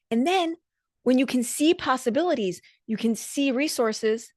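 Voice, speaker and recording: A woman's voice: a little high, dry recording, clean studio sound. A woman dance coach hosting a solo podcast, talking in an earnest, motivational way with emphatic repetition.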